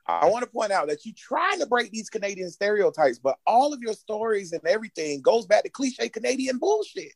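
A man's voice: high-pitched, sing-song, brisk, gravelly, few pauses, slightly rough, dry recording. A man from the United States in casual chat, joking with crude, profane banter.

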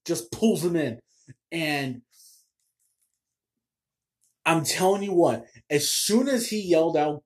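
Chatty, exasperated man with raised pitch. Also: animated, a little slow, long pauses, a little mellow. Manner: chatty, exasperated, ranting, many fillers. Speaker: movie review show host. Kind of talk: casual spoken movie review.

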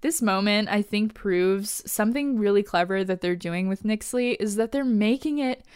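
A woman hosts a casual podcast and recaps an episode with animated enthusiasm, laughing often and swearing casually. Her voice is smooth and resonant. She is on a close mic with a dry, dead sound. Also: mid-range voice, no room sound. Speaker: podcast host.

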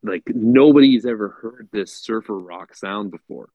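A man's voice: on the low side, measured pace, no room sound, narrow, tinny audio. A man co-hosting a music podcast in casual chat, enthusiastic and leaning on "like" and "I feel like". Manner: enthusiastic, heavy use of "like" and "I feel like". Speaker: podcast co-host.

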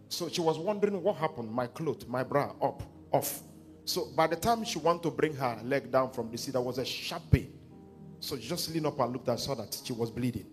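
A male pastor with a Nigerian accent preaching a sermon, leading his congregation in reading scripture aloud and retelling a counselling story. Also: mid-range voice.

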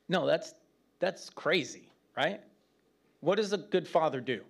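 A man preaching a conversational Bible teaching, animated and chatty, with joking asides to the room. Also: fairly high pitch, unhurried, creaky, long pauses.

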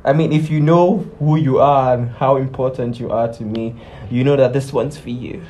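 A man, hosting a podcast in a soft, low-key, reflective monologue. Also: fairly even intonation, moderate pace, rough recording. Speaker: podcast host. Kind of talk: casual solo monologue.

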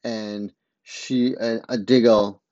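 A man talks through a story in an unhurried, drawn-out way, circling back and fixing his own words as he goes. The sound is dull and lo-fi, and the room is completely dry. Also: fairly low pitch, fairly even intonation, dark tone, dry recording. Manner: rambling, often stops to correct himself mid-sentence. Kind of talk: casual spoken recap.

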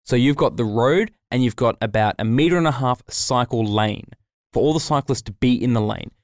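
A man's voice: medium pitch, brisk, no echo, studio quality. A man, co-hosting a casual podcast and telling a sweary, ranting story. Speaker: podcast co-host. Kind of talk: casual chat.

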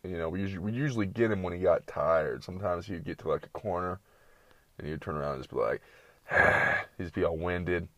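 Young guy with a really low voice, swearing a ton and going off on tangents, dry close sound. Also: a little fast, fairly bright tone, no room sound. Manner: profane, slangy storytelling full of tangents. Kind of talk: rambling late-night monologue.

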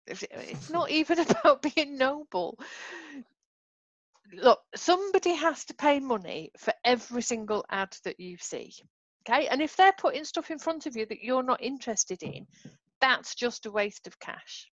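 A woman's voice: sits high, lively intonation, normal speed, no echo. Firm woman explaining on a dry, muffled recording. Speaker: podcast co-host. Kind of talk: casual chat.

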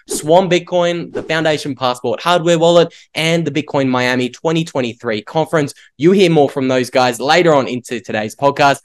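A man with a strong Australian accent hosting a podcast interview, chatty and self-deprecating. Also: fairly high pitch. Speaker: podcast host.

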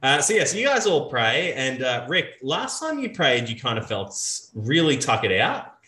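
A man's voice: mid-range voice, big pitch swings, normal speed, bright, forceful tone, reverberant. A man narrating a tabletop game as game master, casual and loose. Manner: casual, with fillers and restarts.

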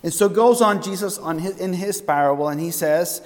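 A man's voice: high-pitched, moderate pace, long reverb tail. A man preaching a sermon, emphatic and fond of asking his listeners questions. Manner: emphatic, asks the congregation questions.

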